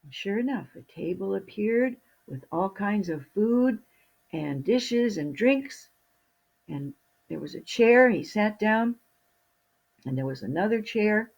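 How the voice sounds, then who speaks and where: A woman storyteller telling a fairy tale to children in a slow, expressive way. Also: mid-range voice, vocal fry, rough recording.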